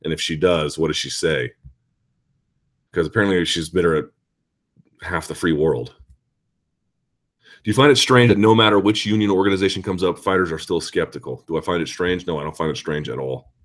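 A male host of a live chat show, talking casually and answering viewer questions in an animated, ranting, sarcastic way. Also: low voice, brisk, long pauses.

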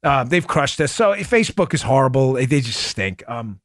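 A man's voice: medium pitch, big pitch swings, moderate pace, a bit bright, no echo, studio quality. A man hosting a political commentary podcast, talking emphatically and combatively, often calling his listeners folks. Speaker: podcast host.

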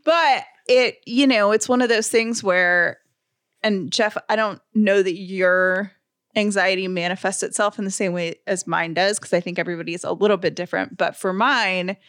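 A woman co-hosting a podcast in casual chat, candid and self-deprecating, talking in quick bursts. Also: mid-range voice, fairly even intonation, fairly bright tone, no echo, studio quality. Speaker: podcast co-host.

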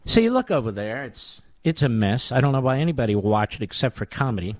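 A man's voice: mid-range voice, expressive, quick pace, no room sound, clean studio sound. A man hosting a political talk radio show, delivering a combative, sarcastic monologue.

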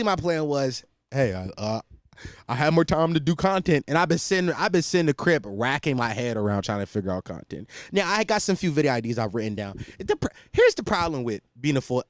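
A man's voice: on the high side, dry recording, clean studio sound. A young man hosting a podcast, chatting casually in a rambling, profane and self-mocking way. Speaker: podcast host. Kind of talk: casual solo chat.

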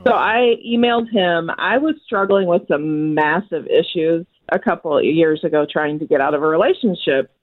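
A woman's voice: lowish voice, normal speed, hardly any pauses. A woman from Minnesota calling into a radio show, friendly and confiding, laughing now and then. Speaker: caller. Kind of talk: phone-in chat. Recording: tinny phone line.

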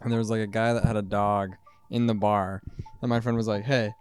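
A man's voice: fairly low pitch, little pitch movement, fairly quick, a little mellow, smooth, soft background music. A man in his twenties, a podcast guest, telling a story in a rambling, laid-back way full of "like". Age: 20s. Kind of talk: casual storytelling.

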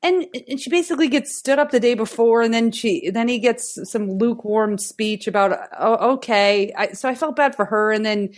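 A woman's voice: fairly high pitch, moderate pace, hardly any pauses. A woman guest on a comedy podcast, talking bluntly and sardonically about a show. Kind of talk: comedic recap chat.

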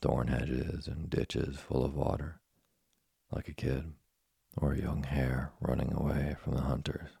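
A man with a husky, gravelly voice giving measured, scripted narration of a storybook. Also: very deep voice, little pitch movement, warm tone, no room sound, clean studio sound. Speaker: audiobook narrator.

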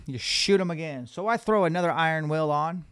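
Animated man telling a hunting story. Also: fairly high pitch, a little fast, smooth, no echo, clean studio sound. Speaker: podcast host.

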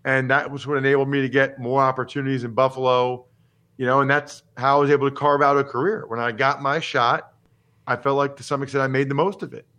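A man in his forties hosting a casual sports podcast, talking in an animated, emphatic and opinionated way with jokes. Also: medium pitch, quick pace. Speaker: podcast host and former football player.

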